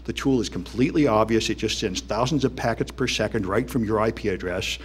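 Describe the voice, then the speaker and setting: A man's voice: on the low side, a little fast, a little hiss or hum. A man giving a conference talk in a wry, dismissive, conversational way, with plenty of "um"s and "anyway"s. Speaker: conference speaker. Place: conference hall.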